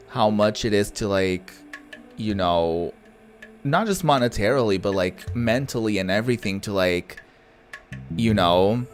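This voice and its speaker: Rambling young man, deep voice. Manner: rambling, heartfelt, many fillers and restarts. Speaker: gaming streamer. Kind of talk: casual gameplay commentary.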